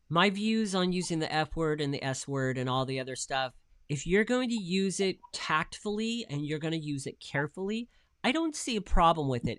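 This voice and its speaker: A man's voice: on the high side, fairly bright tone, clear, resonant tone, no room sound, studio quality. Emphatic, opinionated man on a video call. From United States. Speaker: co-host. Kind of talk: casual livestream chat.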